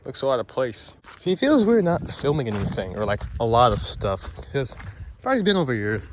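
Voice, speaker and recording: A man's voice: medium pitch, very animated, brisk, noisy background. A man in a casual vlog, chatting and teasing the animals as he walks around an outdoor farm with a handheld camera. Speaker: vlogger. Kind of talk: casual vlog chat while walking. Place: outdoors at a farm or petting zoo.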